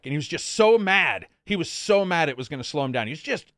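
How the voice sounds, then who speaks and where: A man's voice: a little high, animated, fast talker, fairly bright tone, dry recording, clean studio sound. A man hosting a casual gaming podcast stream, telling loose, profane stories with lots of laughs and asides. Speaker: podcast host. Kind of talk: casual live-stream chat.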